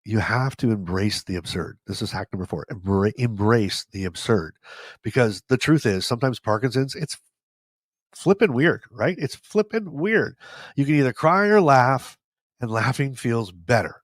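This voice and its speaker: A man's voice: medium pitch, animated, moderate pace, no room sound. A man hosting a podcast, telling stories in a casual, joking, self-deprecating way with a stuffy nose. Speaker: podcast host. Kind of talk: casual storytelling monologue.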